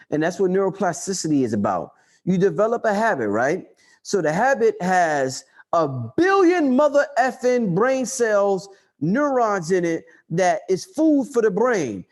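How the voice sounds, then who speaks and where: Man, high-pitched, emphatic, profane, livestream rant. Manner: loud, emphatic, profane preaching; reads and answers viewer chat. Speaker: livestream host.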